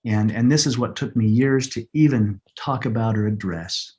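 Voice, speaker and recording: A middle-aged man telling a personal story as an interview guest, earnest and halting, often repeating words as he searches for them. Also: fairly low pitch, a little mellow. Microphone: podcast microphone.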